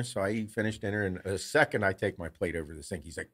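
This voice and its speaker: A man co-hosting a podcast, telling a lively family story with lots of swearing and laughter. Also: fairly low pitch, fast talker. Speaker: podcast co-host. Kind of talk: casual storytelling.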